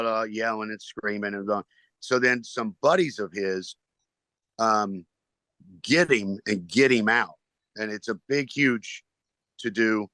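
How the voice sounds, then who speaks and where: Halting storytelling man, dry close sound. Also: mid-range voice, a bit bright, no echo. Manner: rambling, halting, with restarts and quoted voices. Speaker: stand-up comedian guest. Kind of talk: storytelling in a podcast interview.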